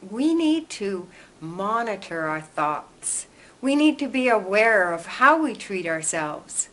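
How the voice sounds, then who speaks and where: A woman hosting a reflective self-help vlog, telling a personal story in a gentle, earnest way. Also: medium pitch, very animated, slow pace. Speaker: host.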